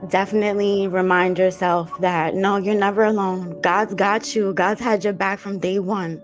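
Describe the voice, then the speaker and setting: A woman hosting a dream interpretation show, speaking gently and emotionally, slowly repeating comforting affirmations. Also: mid-range voice, fairly even intonation, soft background music. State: emotional, teary. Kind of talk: warm encouraging talk show chat.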